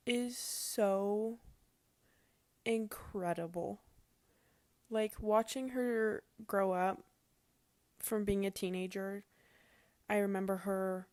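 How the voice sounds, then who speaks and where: Casting: young woman storyteller, gushing and conversational, filler-heavy, plain mid-pitched voice, dry unroomy sound. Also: a little mellow, no room sound. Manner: chatty and emotional, says "like" often. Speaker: vlogger. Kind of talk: casual personal storytelling.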